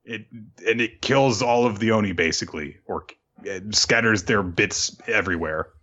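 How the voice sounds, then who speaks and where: A man's voice: fairly low pitch, sharp tone, dull audio. A man casually recapping a comic chapter as a podcast host, loose and profane, with many fillers. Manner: loose and profane, fillers, jumps into quick character voices.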